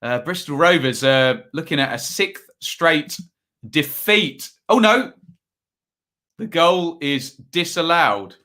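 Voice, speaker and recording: Guy hosting a live stream, tired, bright voice, chatty with the chat. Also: a little high, animated, takes it slowly. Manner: chatty, reads out chat messages and scores. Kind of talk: casual live-stream chat and score updates.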